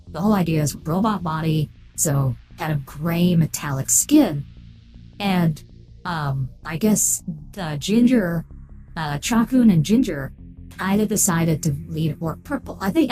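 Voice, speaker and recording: A woman's voice: on the low side, mellow. Woman streamer through a voice-changer filter. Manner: rambling, thanks followers, reads chat aloud. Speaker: game streamer. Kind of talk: casual live-stream chat while playing.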